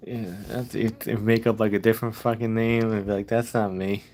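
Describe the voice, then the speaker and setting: A low-voiced man venting in a rambling, casual vlog monologue. He curses often and repeats himself, worn out and fed up. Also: flat delivery, fairly quick, darkish tone. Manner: frustrated, profane, rambling. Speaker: vlogger.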